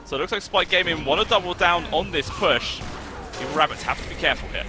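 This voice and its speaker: A man calling a live esports match as the play-by-play caster. He talks excitably and jumps up sharply in pitch when the big plays land. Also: quick pace, music in the background.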